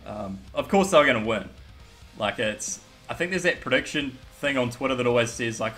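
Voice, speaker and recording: A man's voice: medium pitch, fairly quick, a bit bright, soft background music. A young man, giving blunt, casual rugby opinions with swearing and frequent laughs. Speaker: guest pundit.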